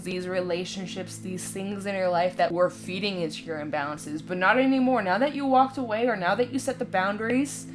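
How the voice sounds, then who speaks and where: A tarot reader talks viewers through a spread to camera in a relaxed, chatty, reassuring way, often checking in with "you know" and "right?" Her voice sits at an ordinary middle pitch, with faint music underneath.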